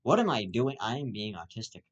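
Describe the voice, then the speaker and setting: A man's voice: lowish voice, sing-song, fairly quick, muffled recording. A young man hosting his own show, ranting in a rambling comedic monologue that is full of stammers and swearing. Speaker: host.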